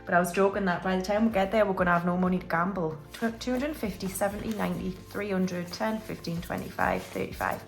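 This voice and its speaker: A budgeting YouTuber, mid-range voice and steady tone, counts money into envelopes at a quick clip with hardly any pauses while faint music plays. Her chat is casual and breezy with offhand asides, and she sounds a little sick, clearing her throat now and then.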